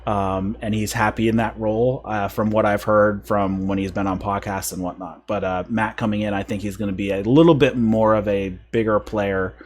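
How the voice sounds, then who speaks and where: A man's voice: lowish voice, fairly even intonation, moderate pace, few pauses. A man hosting a podcast, casually recapping wrestling events at length and chuckling at the funny bits. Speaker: podcast host. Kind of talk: casual wrestling review chat.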